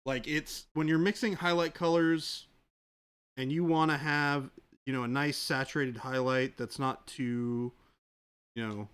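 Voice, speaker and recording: A man's voice: mid-range voice, fairly bright tone, clean tone. A man co-hosting a hobby livestream, answering chat questions in an easygoing way with a lot of fillers. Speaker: co-host of a miniature painting livestream.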